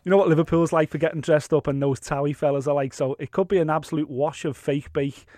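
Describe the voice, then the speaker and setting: A man with a Scouse accent, co-hosting a podcast in quick, playful banter. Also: on the high side, fairly even intonation, a little mellow, no room sound, studio quality. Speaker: podcast co-host. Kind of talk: casual chat.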